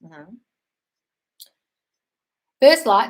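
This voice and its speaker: Her voice sits high and sing-song, caught on a low-quality recording. At home with a dog close by, she runs a relaxed live Q&A, moving quickly through viewer questions with blunt, profanity-laced answers.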